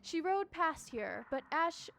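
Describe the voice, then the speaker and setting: A woman's voice: extremely high pitch, big pitch swings, slow pace, gravelly, fairly bright tone, slight background noise, pitched above the performer's own voice, full character voice. A woman voicing a stern, hostile squirrel warrior guarding its land, with game music behind. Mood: scornful. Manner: haughty, accusing.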